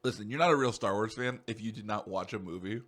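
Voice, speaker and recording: A young man co-hosting a podcast in casual chat, rambling excitably and swearing freely. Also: on the low side, fast talker. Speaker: podcast co-host.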